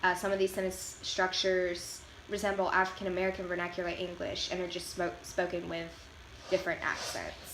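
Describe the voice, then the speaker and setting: A woman reading a prepared class presentation in a careful, explanatory way, slowing down to show how words are said. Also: fairly low pitch, a bit bright, roomy sound, a little hiss or hum, low-quality recording. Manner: careful, explanatory, slows to demonstrate pronunciations. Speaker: student presenter.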